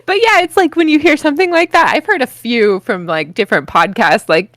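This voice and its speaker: A woman's voice: high voice, normal speed, dry recording, studio quality. A woman with a Texan accent co-hosting a podcast in casual chat, giggling often. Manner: giggly, animated storytelling. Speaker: podcast co-host. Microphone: podcast microphone.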